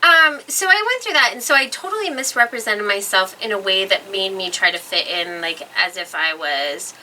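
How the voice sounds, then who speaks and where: A young woman artist telling stories about her life in a rambling, animated way, full of fillers, on a casual podcast. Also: medium pitch, normal speed. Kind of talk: casual storytelling interview. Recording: distant mic in a noisy room.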